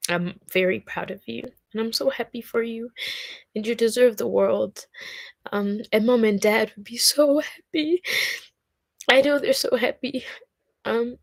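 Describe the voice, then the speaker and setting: A young South African woman vlogs to camera, heartfelt and tearful, rambling with fillers and crying at times. Her voice is a little high and gravelly at a measured pace, in a dry recording.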